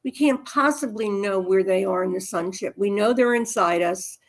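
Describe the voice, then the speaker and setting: Woman, gravelly voice, earnest reflective spiritual sharing. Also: mid-range voice, moderate pace. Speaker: group member sharing reflections. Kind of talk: spiritual reflection in a casual group.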